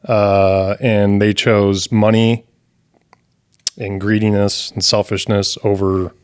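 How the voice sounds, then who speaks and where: A young adult man co-hosting a podcast in casual chat, summing up news with deadpan jokes. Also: lowish voice, takes it slowly, clear, resonant tone. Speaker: podcast co-host.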